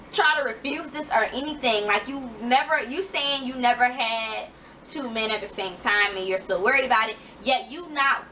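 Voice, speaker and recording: A woman's voice: fairly high pitch, bright, forceful tone, recorded from a distance, a little hiss or hum, rough recording. A woman ranting frankly about books in a casual reading wrap-up vlog, full of fillers and swearing. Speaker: book vlogger.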